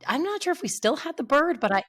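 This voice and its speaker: A woman's voice: sits high, very animated, fast talker, a bit bright. A woman co-hosting a podcast in casual chat, giggly and blunt, swearing freely. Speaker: podcast co-host.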